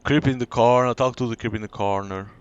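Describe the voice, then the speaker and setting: A man's voice: mid-range voice, a little fast, clear, resonant tone, no echo, dull audio. A man giving casual, crude live commentary over a game. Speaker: gaming commentator.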